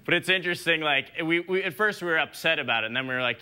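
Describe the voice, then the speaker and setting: A man's voice: fairly high pitch, quick pace, pushed and bright, slight background noise. Young man doing stand-up, rambling and self-deprecating. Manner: casual, rambling, self-deprecating delivery with filler words. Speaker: stand-up comedian. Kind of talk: stand-up comedy set. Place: TV studio stage before a live audience.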